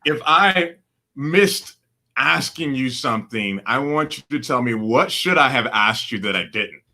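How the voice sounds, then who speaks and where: A man hosting an interview who moves briskly to close it. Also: medium pitch, lively intonation, sharp tone. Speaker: host.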